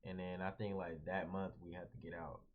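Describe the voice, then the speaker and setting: Young male vlogger, lower register, animated slangy storyteller, muffled lo-fi mic. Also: a little fast, a little hiss or hum. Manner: animated, slangy, peppered with "bro". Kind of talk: casual storytime. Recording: dull lo-fi audio.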